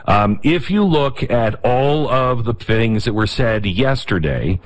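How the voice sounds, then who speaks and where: Animated middle-aged male talk host. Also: mid-range voice. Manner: animated, rapid, sarcastic. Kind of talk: opinion commentary monologue.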